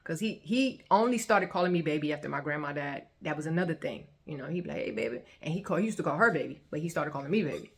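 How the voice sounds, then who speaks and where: A woman with a lower-pitched voice recounts a painful family story as a faith testimony. She talks in a loose, colloquial way and brings each moment to life with sudden jumps in pitch and volume. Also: fast, few pauses. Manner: animated, colloquial, acts out scenes with sharp pitch jumps. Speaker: vlogger sharing a faith testimony. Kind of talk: emotional personal testimony storytelling.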